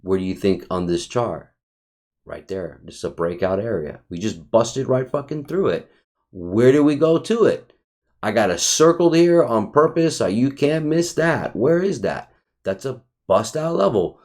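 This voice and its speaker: A man's voice: medium pitch, measured pace. A man casually walking viewers through his trading chart, swearing often, calling them buddy, and restarting his sentences. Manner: profane, excitable, talks to viewer as buddy; repeats himself and restarts often. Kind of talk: casual screen-share chart review.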